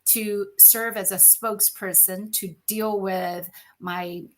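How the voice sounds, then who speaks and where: A middle-aged woman from China, a podcast guest and company founder, telling her story in an animated, conversational way and often checking in with "right?". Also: medium pitch, takes it slowly. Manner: animated, frequent "right?" tag questions.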